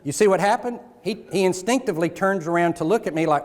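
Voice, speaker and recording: A middle-aged keynote speaker delivers a motivational talk on stage in a large conference hall, telling stories and animatedly acting out dialogue with the audience. His voice is high and quick, with few pauses. The live hall gives the recording a long reverb.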